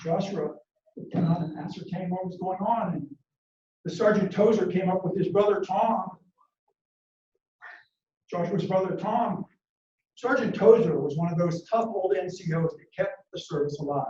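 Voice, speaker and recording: A man giving a motivational talk, telling a war story dramatically and acting out the shouted orders. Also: high-pitched, moderate pace, pauses often. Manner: dramatic, acts out quotes and shouts battle orders. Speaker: motivational speaker. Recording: echoey room, distant mic, dull lo-fi sound.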